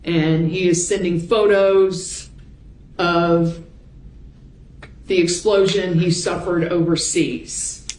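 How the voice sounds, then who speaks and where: A woman prosecutor reading messages and timestamps aloud into the court record in a measured voice. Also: on the low side, fairly even intonation, darkish tone. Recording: echoey courtroom audio.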